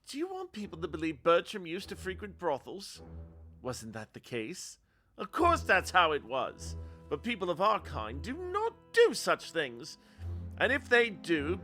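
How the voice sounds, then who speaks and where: Guy doing a snooty victorian lady, raised voice, prim and scolding, swoopy pitch. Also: sharp tone, full character voice. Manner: prim, scolding, formal diction. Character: haughty upper-class Victorian woman, snobbish.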